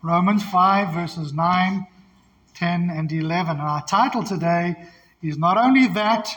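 A man's voice: high voice, measured pace, fairly bright tone. A man from Africa, preaching a sermon as pastor with emphatic call-and-response. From South Africa. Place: church sanctuary. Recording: long church hall reverb.

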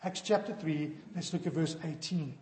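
A man's voice: on the high side, moderate pace, a little mellow, a little hiss or hum. A man preaching a sermon earnestly, his voice sinking solemn on warnings, in a church hall. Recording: echoey hall.

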